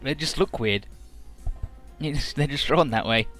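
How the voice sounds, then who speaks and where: A man's voice: mid-range voice, unhurried, fairly bright tone. A man giving crude, joking let's play commentary, rambling as he recaps a game's story. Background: faint game music.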